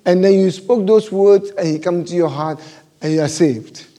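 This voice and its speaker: A man's voice: sits high, normal speed, dark tone. A male pastor preaching a sermon, asking the congregation question after question.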